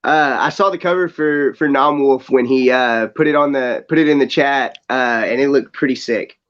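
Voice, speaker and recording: A man's voice: medium pitch, moderate pace. A young man and father co-hosting a podcast in casual chat, laid-back, laughing often and full of fillers. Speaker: podcast co-host. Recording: slightly dull lo-fi audio.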